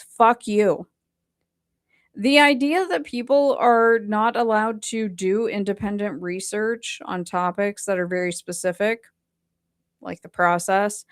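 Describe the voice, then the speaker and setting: A woman hosting a casual reaction commentary, talking bluntly and defiantly with plenty of swearing. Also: medium pitch. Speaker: host.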